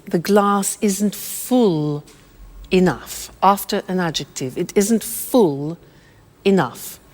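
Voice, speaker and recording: A woman gives a patient English lesson, walking through simple examples one at a time. She speaks slowly, and her pitch rises and falls a lot. A long reverb trails behind her voice. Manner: patient, explains step by step with examples. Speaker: English teacher. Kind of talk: slow, clear language lesson.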